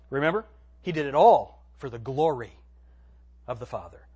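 A man preaching a sermon in a church, swinging between hushed, drawn-out phrases and loud emphatic lines. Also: medium pitch, animated, breathy edge. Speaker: pastor.

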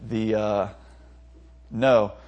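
A man's voice: fairly low pitch, level tone, extremely slow, darkish tone, lo-fi sound. A young man, a pastor, preaching a conversational sermon with frequent restarts and light laughs. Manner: conversational preaching with stumbles and self-amused laughs.

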